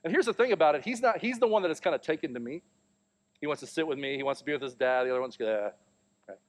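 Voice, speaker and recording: A man in his thirties preaches a sermon, telling a family story and acting out the voices in it. He speaks rapid-fire in a high voice, animated throughout.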